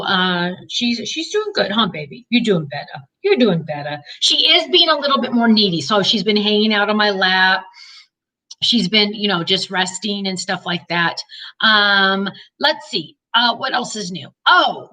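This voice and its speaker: A woman's voice: a little high, pushed and bright, distant mic, poor audio. A middle-aged woman chatting casually in a personal vlog, rambling through stories and talking to her dog. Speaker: vlogger.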